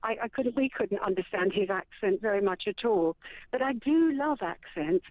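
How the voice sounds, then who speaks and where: A woman's voice: medium pitch, lively intonation, normal speed, no echo. An older woman calling into a radio phone-in, polite and slightly rambling. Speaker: caller. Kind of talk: phone-in call. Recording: tinny, dry phone line.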